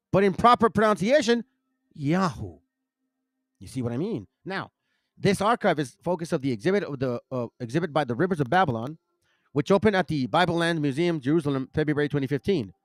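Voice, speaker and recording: A man's voice: a little high, fairly bright tone, no echo, studio quality. A man hosting a casual bible teaching talk, reading verses aloud, rambling and stumbling over names as he corrects himself. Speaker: bible teaching channel host.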